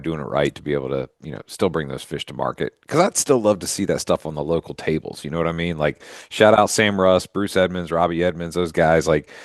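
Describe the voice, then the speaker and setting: Deep-voiced easygoing fishing show host. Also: male voice, no room sound, clean studio sound. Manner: easygoing, rambling, hedging. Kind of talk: casual talk-show chat.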